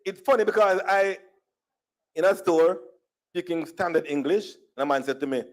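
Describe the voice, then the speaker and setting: A man's voice: fairly high pitch, moderate pace. Jamaican man telling funny stories. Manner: mixes standard English with Jamaican Creole phrasing. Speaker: conference speaker. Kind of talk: humorous storytelling speech. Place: conference hall.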